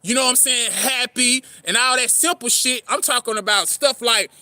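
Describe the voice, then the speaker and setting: Man, vlogger, casual motivational rant; heavy slang and cursing, earnest and rambling; high, bright voice, dry close sound. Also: normal speed, no room sound. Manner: street slang, heavy swearing, repeats "man" and "you know what I'm saying"; rambling, earnest, greets passers-by. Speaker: poet and vlogger. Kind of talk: casual motivational talk to camera.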